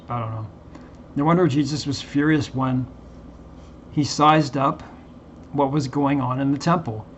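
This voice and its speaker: Flat-voiced man reading and musing. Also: medium pitch. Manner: halting, reads haltingly with many fillers and restarts. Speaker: Bible commentary vlogger. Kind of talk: reading aloud and commenting. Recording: dull lo-fi recording with faint background hiss.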